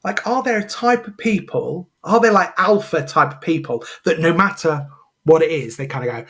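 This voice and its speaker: A man with a slightly high, bright voice and lively intonation speaks at normal speed. As a podcast co-host, he chats casually and rambles, using many fillers and restarts.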